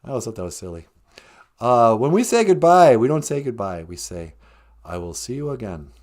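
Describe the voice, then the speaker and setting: A man's voice: mid-range voice, very animated, fairly quick, a little mellow. A man hosting a podcast, chatting casually and joking on a live stream. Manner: joking, easygoing banter. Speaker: podcast host.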